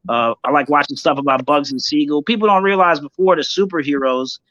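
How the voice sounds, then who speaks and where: A man's voice: a little high, brisk, pushed and bright, no echo. A man in his thirties, a guest rapper, chatting casually and rambling with lots of fillers. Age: 30s. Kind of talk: casual chat. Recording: muffled lo-fi audio.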